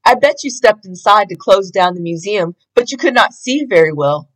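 A woman voicing a clever young woman sleuth in a storybook read-aloud, with a brisk, knowing manner. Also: mid-range voice, expressive, natural voice, poor audio.

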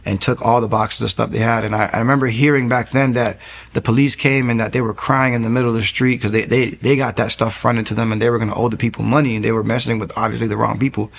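A man's voice: mid-range voice, level tone, fast talker, gravelly, breathy edge. A man in his thirties, a young pastor, giving an earnest, storytelling faith testimony in an interview, often restarting his sentences. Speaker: interview guest.

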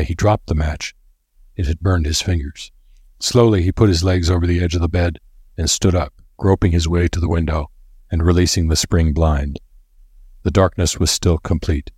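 A man narrating an audiobook in a measured, even storytelling manner. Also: low-pitched, breathy edge, dry recording, studio quality.

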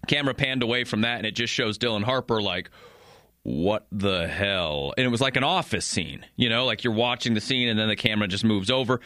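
A man co-hosting a casual sports talk show, animated and acting out players' reactions. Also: mid-range voice, fast talker, hardly any pauses, no room sound, studio quality.

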